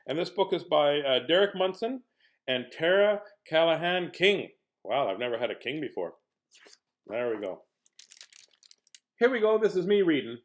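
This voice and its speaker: A man hosting a casual read-aloud stream for children, chatting playfully and joking with young viewers between pages. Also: fairly high pitch. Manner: jokey, clowning between reading. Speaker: children's book reader and host.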